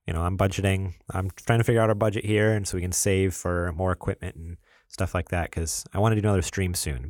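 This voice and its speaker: Deep-voiced laid-back podcast man. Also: a little mellow, no echo, clean studio sound. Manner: laid-back, laughs often, teasing. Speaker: podcast co-host. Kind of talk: casual podcast chat.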